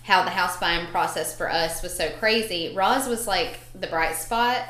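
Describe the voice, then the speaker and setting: A bubbly woman hosts a casual chat podcast, her voice bright and forward. She talks quickly through stories with plenty of "like". The room around her rings with echo. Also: fairly low pitch. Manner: bubbly, laughing, lots of "like". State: pregnant. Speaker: podcast host.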